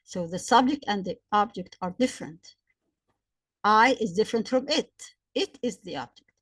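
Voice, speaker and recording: A woman's voice: medium pitch, animated, husky, no echo, studio quality. Woman teaching grammar. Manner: slow, repetitive explaining with examples. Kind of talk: explanatory grammar lesson.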